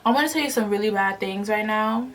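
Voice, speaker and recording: A woman telling a storytime vlog in a blunt, animated way, swearing often. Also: mid-range voice, fast talker, far from the mic. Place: parked car.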